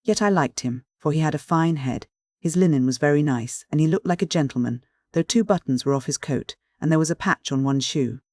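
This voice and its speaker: A man reading a classic novel aloud as an audiobook narrator, in even, clear first-person storytelling. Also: a little high, no echo, studio quality.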